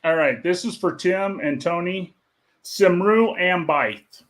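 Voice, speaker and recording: A man musing hesitantly as a panelist on a livestream, with frequent pauses and ums. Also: high voice. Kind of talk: casual podcast chat.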